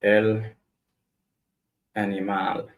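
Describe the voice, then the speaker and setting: A man livestreaming his own language study, slowly reading word lists aloud and repeating each word to practice. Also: on the low side, completely flat delivery. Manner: slow, reads words aloud and repeats them to practice.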